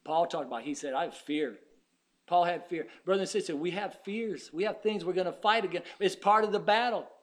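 A man preaching a sermon, shouting one moment and dropping to a hush the next, acting out short quotes of God and Satan. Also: sits high, a little fast. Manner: swings from shouting to hushed tones; voices God and Satan in little acted quotes.

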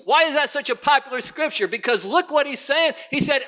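A man's voice: extremely high pitch, expressive, fairly quick, few pauses, pushed and bright. A man preaching a sermon, reading scripture aloud and driving his points with rising intensity. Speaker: pastor.

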